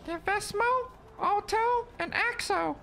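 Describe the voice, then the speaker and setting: A man voicing Magmo, a squeaky, childlike little male puppet monster who giggles and turns mock-sinister. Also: slow pace, creaky, pushed and bright, heavily acted. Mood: mock menacing. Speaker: streamer. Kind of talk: comedic character voice on stream.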